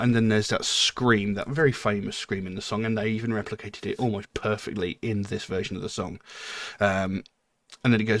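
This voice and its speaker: A man's voice: on the low side, fairly even intonation, moderate pace, a bit bright, no echo, studio quality. A man hosting a music reaction channel, giving casual, rambling commentary full of "you know" and "um".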